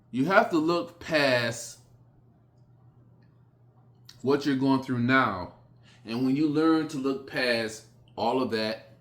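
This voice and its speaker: A man giving a blunt motivational speech, repeating short phrases with sudden forceful rises. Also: medium pitch. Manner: blunt, repetitive, hammering phrases; slow, emphatic delivery with sudden loud rises. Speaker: motivational speaker.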